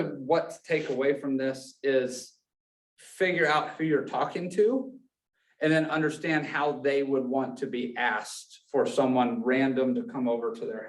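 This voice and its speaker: A man leading a sales class, asking the room quick questions as he teaches. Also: medium pitch. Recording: echoey room, mic far off.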